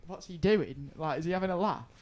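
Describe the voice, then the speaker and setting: A young man co-hosting a podcast tells a long, rambling anecdote, swearing and laughing along the way as casual storytelling chat. His voice is a little high and his pace brisk.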